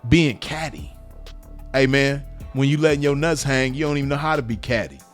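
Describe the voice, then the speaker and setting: Guy with aave ranting at the camera, blunt, cussing, repeats himself, low music behind. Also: fast. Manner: blunt, repetitive, profane street talk. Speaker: vlogger. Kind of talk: unscripted monologue to camera.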